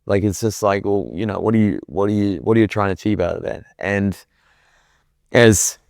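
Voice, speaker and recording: A man guesting on a cricket podcast talks in a casual, halting way and often restarts his sentences. His voice is low and the sound is dry and close to the mic. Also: gravelly, a little mellow, dry recording.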